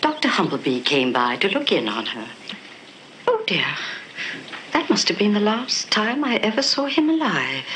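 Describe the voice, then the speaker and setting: A fluttery old English spinster. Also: female voice, medium pitch, wildly swooping pitch, normal speed, a bit bright, slight background noise, low-quality recording. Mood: gossipy. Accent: old-Hollywood mock-British. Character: genteel older English spinster, fussy and chatty. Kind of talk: 1980s film acting.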